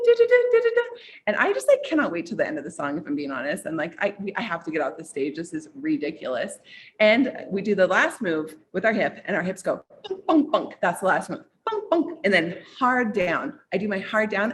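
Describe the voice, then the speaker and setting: A woman business coach telling a personal story to a group, animated and full of "like", with big jumps up in pitch. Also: fairly quick, a little hiss or hum.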